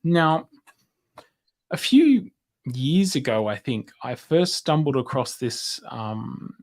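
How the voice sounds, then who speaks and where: Man co-hosting a relaxed talk show. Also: mid-range voice, slow. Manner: relaxed, storytelling with fillers. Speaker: podcast co-host. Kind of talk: casual chat.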